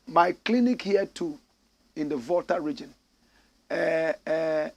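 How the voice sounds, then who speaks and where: A man's voice: on the high side, creaky, slightly rough. A middle-aged Ghanaian man hosting a show, reading out viewer comments with impassioned, swinging delivery. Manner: impassioned, swings between loud declarations and sighing asides.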